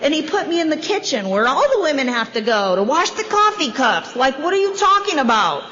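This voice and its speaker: A woman's voice: sits high, very animated, fairly bright tone, slight background noise. A woman in her fifties or older giving a wry, self-deprecating recovery share as a convention speaker at a podium microphone. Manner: wry, self-deprecating storytelling with quick asides. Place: large hall. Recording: dull, echoey hall recording.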